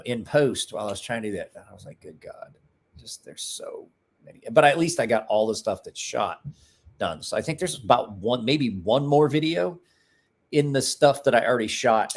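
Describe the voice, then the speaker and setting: Man, mid-range voice, loose profane livestream host chatting with viewers. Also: mid-range voice. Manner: rambling, profane, joking asides to chat. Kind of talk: casual livestream chat.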